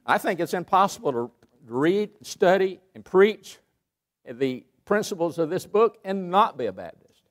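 A man preaching a sermon in a church, emphatic, rising to loud peaks and dropping to quiet asides. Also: high-pitched, sing-song, measured pace. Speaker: pastor. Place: church sanctuary.

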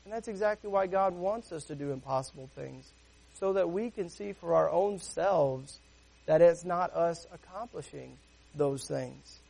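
A man's voice: a little high, measured pace, vocal fry, a little mellow, slightly rough. A man preaching a sermon in a conversational way, full of rhetorical questions and acted-out voices, speaking as a father and pastor.

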